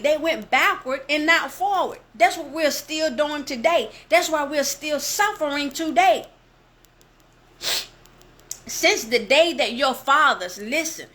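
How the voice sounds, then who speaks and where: A woman with a high voice who reads scripture and preaches with passion. She talks straight to her listeners and slows down to lean on key phrases. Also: pushed and bright. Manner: impassioned, addresses listeners directly. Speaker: bible teacher.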